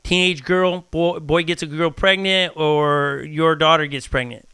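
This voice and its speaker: A man, a pastor hosting a casual church podcast, talking in an animated way, acting out little dialogues and often restarting his sentences. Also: on the high side, a little slow, clear, resonant tone, no room sound, studio quality. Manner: animated, acts out quoted dialogue, frequent restarts. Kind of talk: casual chat.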